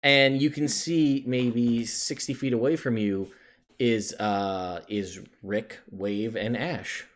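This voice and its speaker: A man narrating as game master of a tabletop game, halting and filler-heavy, often amused. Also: medium pitch, steady tone.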